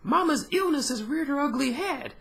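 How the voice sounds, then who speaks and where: A man voicing a panicked male pirate crewman in a high, alarmed voice. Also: lively intonation, normal speed, creaky, a bit bright, exaggerated voice.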